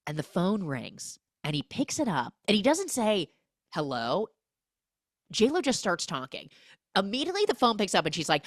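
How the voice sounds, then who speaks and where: A woman hosting a podcast, recapping a film with comic energy and acting out the characters' lines in quick voices. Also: lowish voice, huge pitch swings, no echo, studio quality. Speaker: podcast host.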